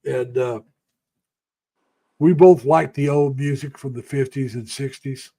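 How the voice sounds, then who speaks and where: An older American man chats casually on his live stream in an ordinary mid-pitched voice that's warm, steady and unhurried, with a breathy edge. He wanders through folksy memories, uses lots of fillers, and pauses to greet viewers by name.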